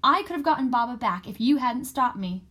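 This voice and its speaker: A woman voicing an angry, desperate young girl who speaks in a raised, forceful voice in an audiobook. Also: a little high, animated, fairly quick, breathy edge, pitched above the performer's own voice. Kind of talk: audiobook character voice.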